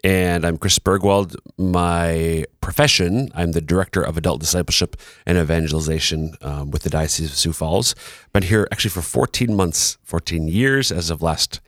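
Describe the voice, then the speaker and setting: A middle-aged man co-hosting a podcast in casual chat, playful, laughing often and pausing on fillers. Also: low voice, steady tone, no room sound, clean studio sound. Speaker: podcast co-host.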